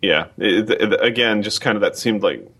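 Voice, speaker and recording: A man with a fairly low voice, talking as a podcast guest. He wanders through long, casual stories, stopping and restarting his sentences as he goes. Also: moderate pace, a bit bright, breathy edge. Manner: rambling anecdotal storytelling with many restarts.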